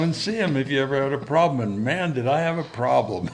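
An older man telling a personal story as an interview guest, animated and chuckling, acting out the dialogue he remembers. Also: mid-range voice, a little fast, hardly any pauses.

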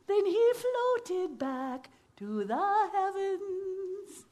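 A woman's voice: very high voice, big pitch swings, drawn-out words, darkish tone. A woman telling a folktale to families, full of sound effects and playful asides. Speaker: storyteller. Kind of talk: lively oral storytelling for families.

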